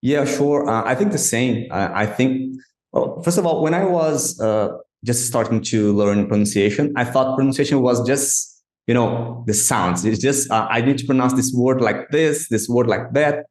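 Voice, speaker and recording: A man's voice: mid-range voice, normal speed, darkish tone, roomy sound. A man hosting a podcast, asking interview questions hesitantly, restarting often and searching for words. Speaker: podcast host.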